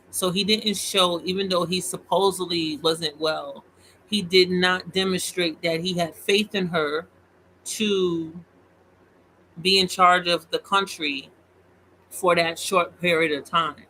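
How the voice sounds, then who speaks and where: A host giving casual, opinionated commentary on politics, animated and mocking. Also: female voice, fairly low pitch, a little hiss or hum, poor audio. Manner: opinionated, animated, mocks voices. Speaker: commentary vlogger.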